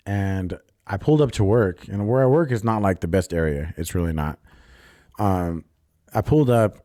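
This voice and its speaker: A man's voice: deep voice, warm tone, dry recording, clean studio sound. A young man hosting a solo podcast, telling a personal story in a rambling, profane, confessional way. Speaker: podcast host. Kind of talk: casual solo podcast monologue.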